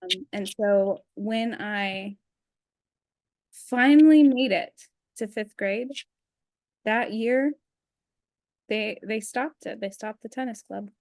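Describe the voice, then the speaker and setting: A woman's voice: mid-range voice, takes it slowly, pauses often, a little mellow, no room sound, clean studio sound. A young adult woman chatting as a guest on a video call, rambling with lots of fillers. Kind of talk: casual interview chat.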